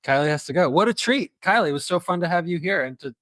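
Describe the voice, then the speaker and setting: A woman's voice: on the low side, animated, quick pace, a bit bright, dry recording. A woman co-hosting a podcast, talking in a casual, rambling way full of fillers. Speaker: podcast co-host. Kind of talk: casual chat.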